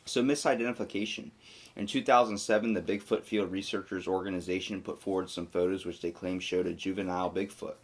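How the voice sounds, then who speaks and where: Deep-voiced man co-hosting a podcast. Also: steady tone, brisk. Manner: reads facts aloud then riffs jokingly, with fillers. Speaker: podcast co-host. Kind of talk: casual podcast chat.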